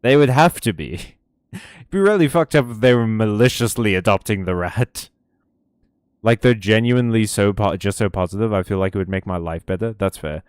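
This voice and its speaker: A young man with a lowish voice, chatting casually over a game. He jokes at his own expense, reads chat aloud and swears freely, close to a desk mic. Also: normal speed, clean tone, no echo. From South Africa. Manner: joking, self-deprecating, swears freely. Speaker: streamer.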